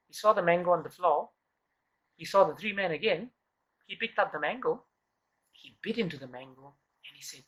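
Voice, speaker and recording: A man's voice: high voice, sharp tone, husky, low-quality recording. A man giving a scripture class, asking rhetorical questions and repeating key words for emphasis, and telling a story with uneven pace and phrases that trail off. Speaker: devotional class teacher.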